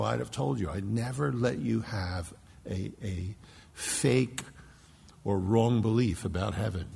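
A man from Philadelphia preaching a sermon as pastor, emphatic, dropping to a hush and rising to loud stresses. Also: fairly low pitch, vocal fry, husky. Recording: long hall reverb.

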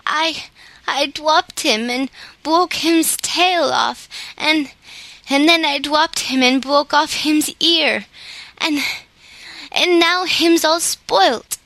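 Woman reader voicing a tiny storybook girl, high, slow, lisping baby talk, close and dry. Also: pushed and bright, dry recording, exaggerated voice. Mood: sobbing. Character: small sobbing little girl.

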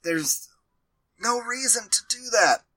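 A man with a high voice that swings all over as he talks. He co-hosts a casual movie review chat, animated and exasperated, and he often slips into mock voices to quote his own reactions. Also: slow pace, husky. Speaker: podcast co-host.

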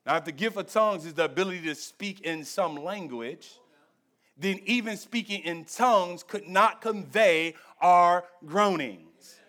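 Casting: a pastor with an unusually high voice, conversational preaching in a church. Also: male voice, measured pace. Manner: conversational preaching, swings between loud emphasis and hushed intensity. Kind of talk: sermon.

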